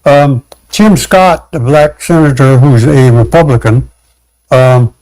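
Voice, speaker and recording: A man talking as a guest in casual chat, animated, acting out quotes and laughing, with many restarts. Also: medium pitch, slow pace, no echo, poor audio.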